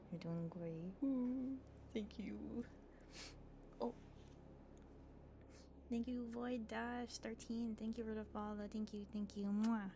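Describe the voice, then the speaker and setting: A woman streamer talks gently and unhurriedly into an ASMR mic in her bedroom, laughing often and filling her chat with casual fillers. Her voice sits a little low. There is a faint hiss behind her. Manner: soft, giggly, chatty with fillers. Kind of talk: soft-spoken ASMR reading and chat. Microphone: ASMR microphone.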